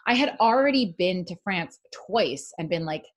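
A woman author, appearing as a guest on a podcast, chats casually and rambles, using plenty of "like"s and restarting sentences. Her voice is on the low side and animated, at a normal speed.

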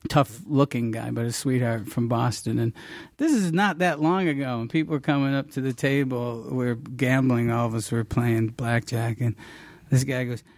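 A man telling profane, rambling stories from his comedy career in casual chat, deadpan, breaking into high put-on voices. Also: moderate pace, no echo.

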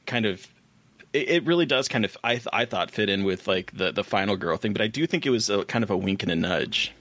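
A man co-hosting a podcast in casual chat, often halting and restarting his sentences. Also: lowish voice, expressive, fairly bright tone, no echo. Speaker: podcast co-host.

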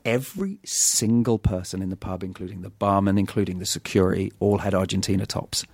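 An English man tells lively anecdotes in a relaxed chat, stumbling over his words and laughing through them. The recording is dry and close, with no room sound. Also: low-pitched, a little fast, gravelly, husky, dry recording. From England. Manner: animated anecdotes with frequent laughs and restarts. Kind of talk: casual chat, storytelling.

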